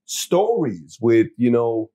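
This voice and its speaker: A man's voice: medium pitch, sing-song, takes it slowly, dark tone, a little hiss or hum. A man hosting a casual interview, rambling and repeating words as he searches for his point.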